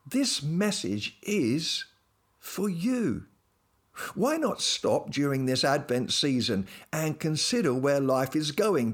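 A man hosting a devotional talk, mixing playful storytelling and humor into his message. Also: a little high. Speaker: host and Christian speaker.

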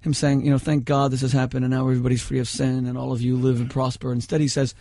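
A man's voice: medium pitch, level tone, fast talker, gravelly, warm tone, dry recording. A man arguing his case in a heated debate, impassioned and rhetorical, often cutting in.

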